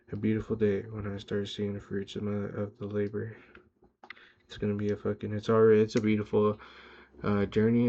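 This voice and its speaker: A gravelly, mellow, fairly low male voice belongs to a young vlogger hyping himself up in his car with a casual, profane, rambling motivational talk. Slight background noise sits under the dull, lo-fi recording.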